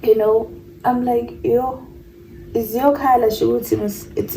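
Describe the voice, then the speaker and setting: A woman's voice: on the high side, fairly even intonation, takes it slowly, gravelly, pauses often, a little mellow, recorded from a distance, a little hiss or hum, low-quality recording. A young woman telling a personal story in a casual storytime, rambling, repeating herself and stumbling over words. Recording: voice a bit off-mic.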